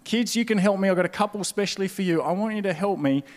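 A man's voice: high voice, fast. A man preaching an Easter sermon in a large auditorium, playfully quizzing the audience. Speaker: pastor.

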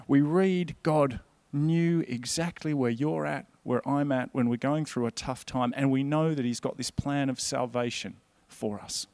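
This man's earnest, conversational sermon comes in a slightly higher voice with a darkish tone. The recording is dry and close, with no echo.

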